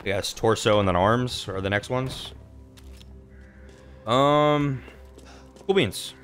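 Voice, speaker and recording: A man's voice: mid-range voice, takes it slowly, a bit bright, faint music behind. A man commentating on his video game playthrough in a casual, profane way, talking to himself as he plays. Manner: casual, profane, talks to himself while playing. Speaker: gaming channel host. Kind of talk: let's play commentary.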